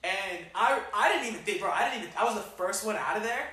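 A young man telling a wild story on a casual podcast, animated and full of slang and swearing. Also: high-pitched, fast. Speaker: podcast co-host. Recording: echoey room, distant mic, faint noise.

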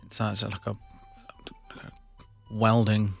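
A man's voice: fairly low pitch, monotone, slow pace, creaky, over music. A man co-hosting a comedy podcast, answering in a hesitant, unsure way.

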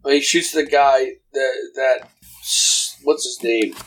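A man's voice: mid-range voice, fairly even intonation, slow, a bit bright, poor audio. A man co-hosting a casual podcast, making dry, wry remarks. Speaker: podcast co-host. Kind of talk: casual chat.

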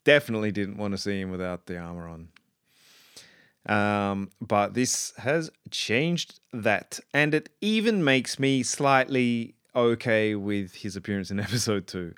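A man's voice: on the low side, a little slow, a bit bright, smooth, dry recording, clean studio sound. An Australian man reviewing a show in a rambling, enthusiastic casual monologue full of ums and restarts. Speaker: pop culture commentator.

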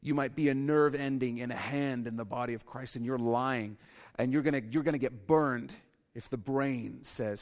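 A male pastor giving a sermon in an animated way, with humorous asides and bursts of loud emphasis. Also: mid-range voice, moderate pace, in a large hall.

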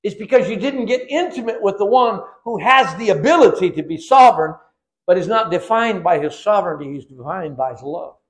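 A man's voice: high voice, expressive, brisk. An older man preaching a sermon in a church, emphatic and repetitive, weaving in his own life story. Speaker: guest preacher.

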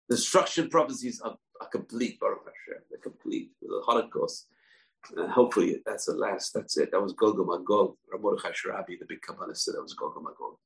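Gravelly low-voiced Torah teacher. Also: male voice, fairly quick, rough recording. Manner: earnest, with Hebrew phrases and many fillers. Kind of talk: religious lecture.

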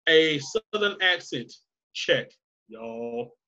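A man's voice: a little high, animated, very slow, bright, forceful tone, muffled recording, exaggerated voice. A man voicing a dim, cheerful lab mouse reading out a checklist. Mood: chirpy.

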